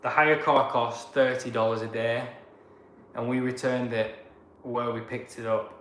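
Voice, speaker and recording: A man's voice: medium pitch, little pitch movement, measured pace, fairly bright tone. A man from Blackburn with a Lancashire accent, a travel vlogger casually reading out and answering viewer comments in a chatty, rambling way. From Blackburn, England. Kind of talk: casual live-chat Q&A. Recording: echoey room with background noise.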